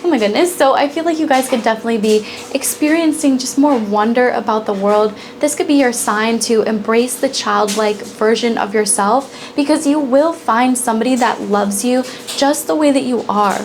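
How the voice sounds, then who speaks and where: A woman's voice: fairly high pitch, moderate pace, few pauses, slight background noise. Giggly bubbly woman reading tarot. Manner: giggly and bubbly, often laughing. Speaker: tarot reader. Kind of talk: casual pick-a-card tarot reading.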